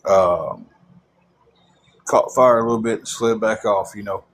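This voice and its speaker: A man's voice: fairly low pitch, steady tone, unhurried, a little hiss or hum. A man telling a long personal story about his faith, rambling with frequent restarts.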